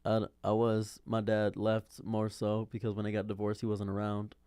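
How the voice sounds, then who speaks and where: A man's voice: fairly low pitch, monotone, normal speed, warm tone, no room sound. Exasperated rambling man in his thirties. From Detroit. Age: 30s. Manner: rambling, repeats himself, baffled and exasperated. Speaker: streamer. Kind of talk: casual commentary monologue.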